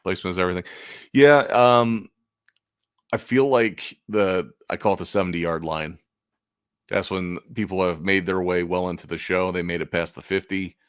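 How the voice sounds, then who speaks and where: A man's voice: deep voice, normal speed, clear, resonant tone, dry recording, studio quality. A man in casual chat about selling art at conventions, rambling and making self-deprecating jokes. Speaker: convention artist and channel host.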